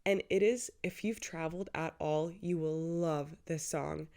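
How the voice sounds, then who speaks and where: A woman's voice: steady tone, measured pace, a little mellow. A woman in her twenties hosting a casual solo podcast, gushing and chatty, full of "like"s. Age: 20s. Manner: chatty and gushing, with lots of filler "like"s; breaks into a squeaky high put-on voice for quotes. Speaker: podcast host.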